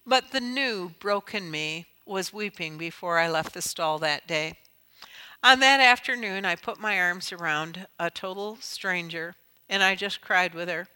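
Bright-voiced woman speaker telling stories. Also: a little slow, smooth, rough recording. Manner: storytelling, earnest, swells to emphatic highs. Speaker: conference speaker. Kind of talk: inspirational talk.

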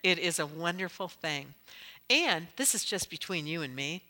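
A middle-aged woman delivering a sermon, telling stories and rising to loud, impassioned exhortation. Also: fairly low pitch, expressive, normal speed. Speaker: Christian speaker. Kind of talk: sermon with storytelling. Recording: long hall reverb.

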